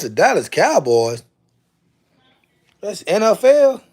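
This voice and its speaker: Very animated and a little slow, a man with a voice on the high side chats casually on a livestream. He drawls, sorting jerseys and exclaiming to himself as he goes.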